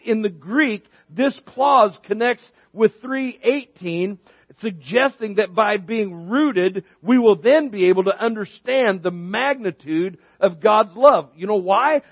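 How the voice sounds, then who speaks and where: A man preaches a sermon, telling homespun stories and building to emphatic points. His voice sits high for a man. The sound is dry and a little dull. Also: dry recording. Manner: folksy storytelling preacher, rises in pitch for emphasis. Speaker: pastor.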